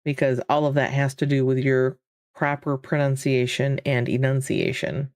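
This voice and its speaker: A woman's voice: extremely low pitch, steady tone, moderate pace, darkish tone, no echo. A woman with a Michigan accent hosting a casual live game stream, rambling and answering chat as she plays. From Michigan, USA.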